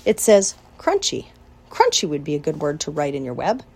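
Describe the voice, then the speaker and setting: A grumbling, put-upon male rat in a storybook reading, loud and complaining. A woman voices him, raised and higher than her usual voice, with a husky grain. The voice swoops lively between words. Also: normal speed, heavily acted. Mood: grumpy.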